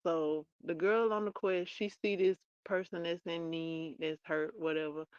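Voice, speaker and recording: Woman livestream host, unhurried, casual book chat, dry close sound, dull lo-fi audio. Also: on the low side, fairly even intonation, clear, resonant tone, no room sound. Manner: chatty, retells scenes in her own words with playful asides.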